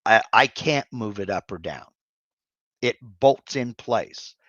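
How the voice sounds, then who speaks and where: A man's voice: on the low side, lively intonation, slow pace, a bit bright, no room sound, highs cut off. A man hosting a live Q&A stream, answering viewer questions off the cuff with many fillers and restarts. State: has hiccups.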